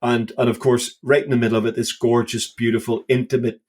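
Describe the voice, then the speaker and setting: A man co-hosting a podcast, talking through Bible passages with lively enthusiasm and emphatic, acted-out quotes. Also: medium pitch, fairly quick. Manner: enthusiastic, emphatic, acts out scripture dialogue. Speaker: podcast co-host. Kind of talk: casual Bible discussion.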